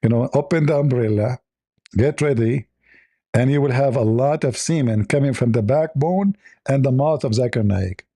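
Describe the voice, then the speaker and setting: A man's voice: medium pitch, normal speed, mellow, no echo, clean studio sound. A man hosting a stream, speaking as an in a sarcastic, mocking commentary style. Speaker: livestream host.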